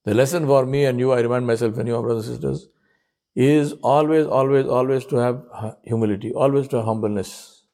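A man gives a storytelling sermon at a fairly quick pace with fairly even intonation. He poses rhetorical questions and slips in Arabic honorifics, lowering his voice softly on them.

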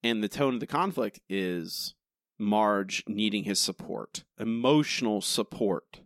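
A man's voice: on the low side, measured pace, dry recording, studio quality. A man co-hosting a podcast, critiquing a TV episode in casual, emphatic talk with lots of restarts. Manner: animated, emphatic, many restarts. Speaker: podcast co-host.

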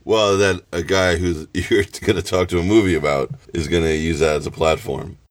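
A man's voice: deep voice, steady tone, normal speed, no echo. A man co-hosting a casual comedy podcast over a call, teasing and laughing often. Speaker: podcast co-host.

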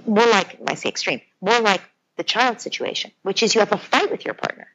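A woman's voice: mid-range voice, a little fast, fairly bright tone, highs cut off. A woman speaking as a parenting expert, earnestly explaining her ideas through everyday scenarios. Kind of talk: conversational explanation.

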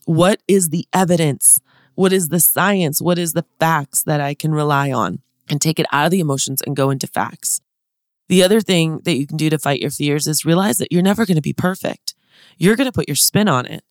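A woman's voice: low-pitched, fairly quick, dry recording, clean studio sound. Upbeat chatty woman podcast host. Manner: upbeat, chatty, direct address to listeners. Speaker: podcast host and business consultant. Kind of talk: motivational podcast monologue.

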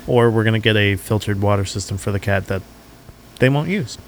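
A man's voice: fairly low pitch, brisk, slight background noise. Rambling, swearing young man. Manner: swearing, rambling, self-mocking. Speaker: podcast co-host. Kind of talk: casual chat.

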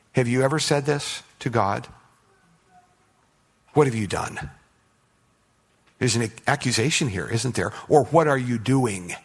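Emphatic male pastor preaching. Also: mid-range voice. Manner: emphatic, rising to loud declarations, with rhetorical questions to the congregation; frequent stutters and restarts. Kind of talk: sermon.

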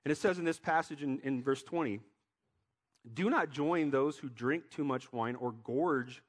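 A man giving a sermon as a pastor, talking in a loose, joking way with many restarts. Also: on the high side.

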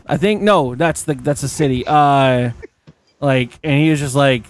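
A man's voice: medium pitch, expressive, measured pace, long pauses. A man in his thirties hosting a casual podcast, telling anecdotes with lots of swearing and acting out the voices of the people in them. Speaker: podcast host. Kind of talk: casual chat, storytelling.

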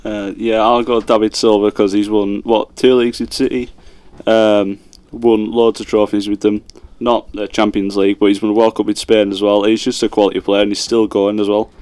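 A young man co-hosting a student radio show, chatting in a laid-back, halting way. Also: on the low side, flat delivery, darkish tone, smooth, no room sound. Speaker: co-host. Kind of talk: casual chat.

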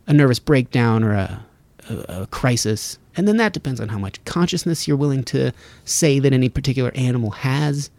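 A man's voice: medium pitch, darkish tone, no echo. A man hosting a solo podcast from his home studio, rambling casually and breaking off his own sentences. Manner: casual, rambling, self-interrupting. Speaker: podcast host.

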